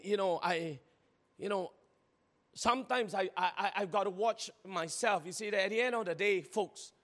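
Man, pastor preaching, lively and exclaiming, high voice, long hall reverb. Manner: animated storytelling with Singlish particles, repeated words, bursts of exclaiming. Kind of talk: sermon.

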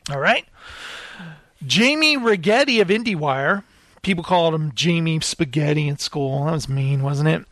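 A man hosting a casual movie chat, playful and quick to giggle as he reads out reviews. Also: on the high side, animated, a bit bright, no echo. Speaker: podcast host.

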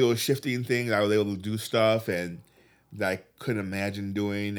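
A man earnestly telling a personal faith story, often halting and restarting his sentences. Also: lowish voice. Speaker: guest telling his testimony.

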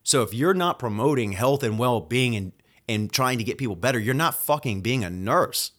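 Male nurse hosting a solo podcast rant: angry, cocky, sweary, talks in rapid bursts. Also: medium pitch, expressive, a bit bright. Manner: angry, profane, rapid-fire venting.

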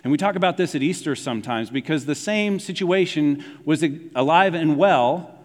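A man preaching a sermon in a conversational, animated way, dropping his voice low to stress key points. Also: normal speed, in a large hall. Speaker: pastor.

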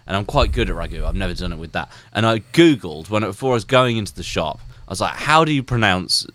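Low-voiced male co-host, rambling storyteller, casual, dry close sound. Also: fast talker, dry recording. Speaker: podcast co-host. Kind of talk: casual chat.

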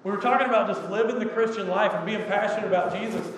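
A man's voice: high voice, fast talker. Conversational preaching man in an echoey hall. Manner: conversational, rhetorical "right?" asides. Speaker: pastor. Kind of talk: sermon. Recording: echoey hall, distant mic, faint noise.

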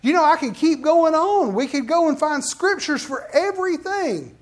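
Animated preacher man. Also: very high voice, normal speed. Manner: animated, acts out quoted prayers and Bible figures. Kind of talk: sermon.

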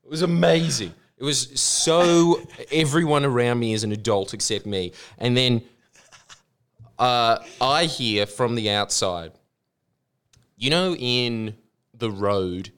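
A man's voice: medium pitch, slow pace, clean tone. A man in casual conversation, telling a funny story and acting out the voices of the people in it. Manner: animated storyteller, acts out voices. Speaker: co-host. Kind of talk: casual chat.

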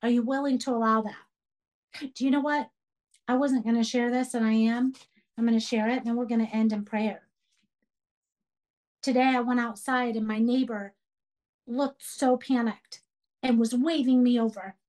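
A woman's voice: a little high, fairly even intonation, moderate pace, long pauses, a little mellow. A middle-aged woman teaching a women's Bible study, earnest and preaching with repeated questions. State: tearful while telling a story.

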